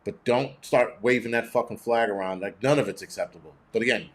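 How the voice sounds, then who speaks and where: A man's voice: fairly low pitch, fairly quick, a little hiss or hum. A middle-aged man hosting a livestream, reading chat and ranting bluntly with heavy cursing in a cranky, rambling way.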